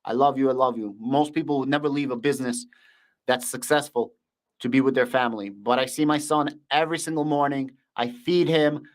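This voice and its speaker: A man's voice: medium pitch, a little fast. A young man with a Russian accent hosting a casual livestream, talking bluntly and repeating his thank-yous. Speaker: livestream host.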